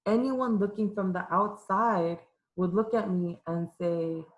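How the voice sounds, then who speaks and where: A young woman youth minister from Los Angeles, California, speaks in a mid-range voice at a measured pace, captured with poor audio. In a church room with an audience, she gives a candid, emotional personal testimony, sometimes tearful, with many fillers and restarts.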